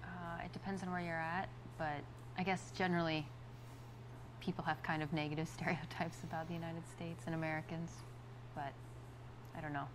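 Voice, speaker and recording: A woman's voice: sits low, little pitch movement, moderate pace, noisy background, natural voice. A woman playing a dry, unimpressed date. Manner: dry, blunt. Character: unimpressed young woman being chatted up. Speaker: woman on a date in a dating video game.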